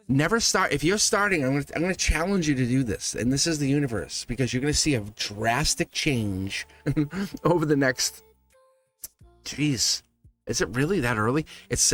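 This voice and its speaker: Guy doing a live tarot reading, super expressive voice, soft music behind. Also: medium pitch, no room sound. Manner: animated, acts out quoted voices, laughs often. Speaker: tarot reader.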